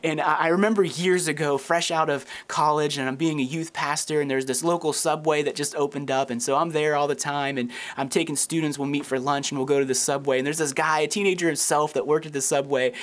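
A man's voice: on the high side, fairly even intonation, brisk, few pauses, fairly bright tone. A man in his thirties, a pastor preaching a sermon, telling stories and acting out the voices of people in them. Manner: storytelling, acts out quoted voices.

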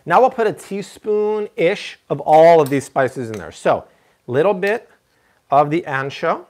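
A man's voice: a little high, measured pace. A man hosting a live cooking stream from a kitchen, chatty and full of jokes. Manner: animated, jokey, chatty. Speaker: cooking show host.

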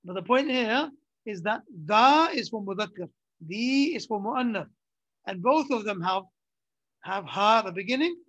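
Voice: mid-range voice, expressive, normal speed, a bit bright, no room sound. Dull, dry lo-fi recording of a grammar teacher. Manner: repeats terms and checks understanding with short questions. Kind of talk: classroom lesson.

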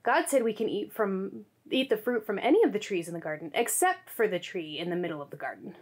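A woman voicing Eve in a children's Bible story, quick and earnest. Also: mid-range voice, animated, husky. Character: young woman Eve, naive then defensive.

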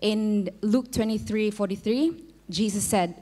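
Female questioner, mid-pitched, reads a prepared question. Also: unhurried, dark tone. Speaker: audience questioner. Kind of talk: debate question from the floor.

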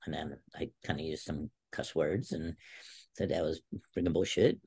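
Very low-voiced older man telling stories. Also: normal speed, gravelly, slightly rough. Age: 60s. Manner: animated storyteller who acts out quotes. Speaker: podcast guest. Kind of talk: casual interview storytelling.

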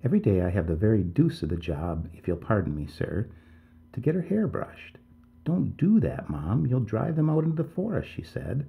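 A man's voice: on the low side, creaky. A man voicing a worried, tearful middle-aged village mother who pleads deferentially and keeps calling him sir. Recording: tinny phone-like audio.

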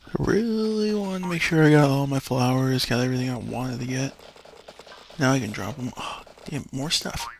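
A man's voice: mid-range voice, normal speed, creaky, a little hiss or hum. A man giving rambling, jokey commentary over a farming game, often dropping to a whisper. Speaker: gameplay commentator. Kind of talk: casual let's play commentary.

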